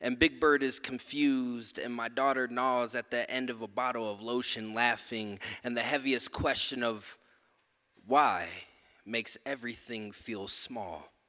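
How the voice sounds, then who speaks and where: Male spoken word poet, bright voice, rhythmic and emphatic, live in a reverberant hall. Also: medium pitch, fairly even intonation, a little slow. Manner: rhythmic, emphatic, dropping soft at line ends. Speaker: performance poet. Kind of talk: spoken word poetry and stage storytelling. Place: live stage at a museum event.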